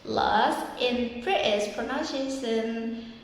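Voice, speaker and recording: A woman with an Indonesian accent presents a class assignment, slowly modeling the pronunciation of words and repeating each one. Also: on the high side, a little hiss or hum. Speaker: student. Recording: echoey room with long reverb.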